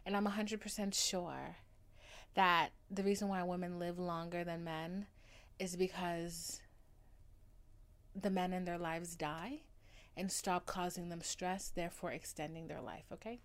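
A young adult woman hosting a solo podcast, talking in an overdramatic, gushing way with free swearing and sudden loud outbursts. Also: on the low side, steady tone, measured pace. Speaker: podcast host.

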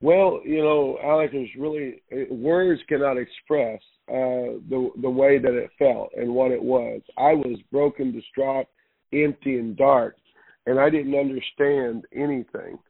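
As an interview guest, a pastor recounts his testimony with earnest hesitation, frequently going back over his words. His voice is of ordinary pitch, creaky with a breathy edge and fairly even intonation, and it reaches us through a thin, phone-like radio line without room sound.

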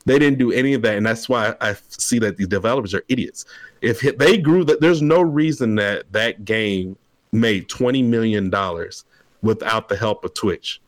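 Excitable low-voiced man, dry mic. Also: normal speed, no echo. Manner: excitable, rambling gamer talk. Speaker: podcast co-host. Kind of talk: casual chat.

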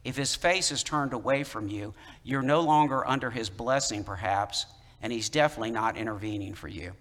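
A man's voice: medium pitch, a little fast, fairly bright tone. A man in the role of pastor preaching a sermon in a conversational, emphatic way, repeating key phrases. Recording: long hall reverb.

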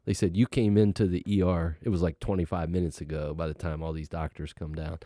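A middle-aged man casually telling a personal story, animated and acting out what people said. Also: low voice, fairly quick, dry recording, studio quality. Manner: animated, acts out quoted voices, laughs while telling.

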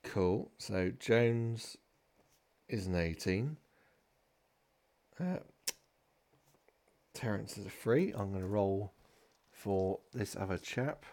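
A man running a tabletop game in a relaxed, chatty way, laughing often. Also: fairly low pitch, slow, pauses often. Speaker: game master.

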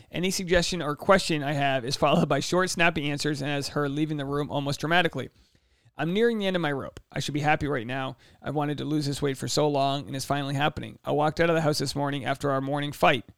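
A man in his mid-thirties hosts a solo podcast, reading listener questions aloud and offering casual, joking advice with quick asides. His gravelly voice is on the high side, captured on a podcast mic in a home studio with studio-quality sound and no room sound.

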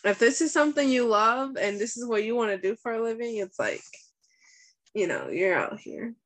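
A woman hosting a podcast, talking casually with a guest in a relaxed, chatty way full of "like" fillers. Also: on the high side, moderate pace. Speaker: podcast host. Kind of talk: casual interview chat.

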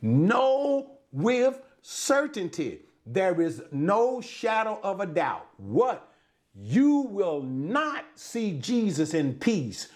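A man's voice: high voice, very animated, takes it slowly. A man preaching and teaching from the Bible, stressing words emphatically and drawing them out, with frequent fillers.

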